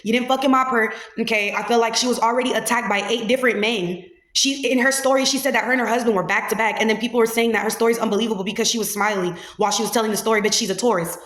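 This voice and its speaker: A woman's voice: on the high side, steady tone, racing, fairly bright tone. A woman host, giving blunt, profane, heated reaction commentary in a casual podcast. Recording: echoey room.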